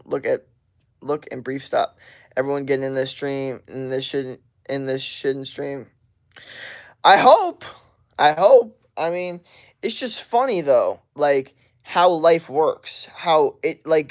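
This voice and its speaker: A young man streaming from his bedroom, venting in a profane, frustrated casual rant. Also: medium pitch. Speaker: live streamer.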